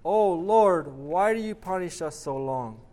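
A man voicing a damned man in hell who shouts and pants in despair, during a sermon. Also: high voice, animated, a little fast, pitched above the performer's own voice.

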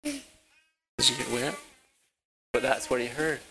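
Very animated, a mid-range-voiced man teaches kids a Bible story at a rural property beside a barn. He tells it haltingly, repeats himself and keeps asking the children questions. The recording is very noisy.

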